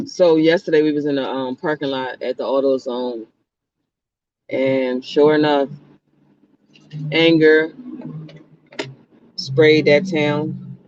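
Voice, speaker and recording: A man's voice: on the high side, steady tone, slow pace, long pauses, a little mellow, dull audio, slight background noise. Earnest man recounting a story. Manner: earnest, recounts events with quoted speech. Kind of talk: casual storytelling chat.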